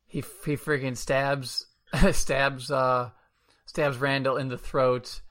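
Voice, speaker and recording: Man, podcast co-host, casual film chat, animated, bright tense tone. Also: medium pitch, takes it slowly. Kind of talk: casual movie review chat.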